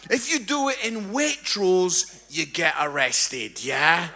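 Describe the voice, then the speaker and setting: Brief: bright, high male preacher, middle-aged, comic and animated storyteller. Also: takes it slowly. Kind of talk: humorous sermon. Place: church hall with congregation.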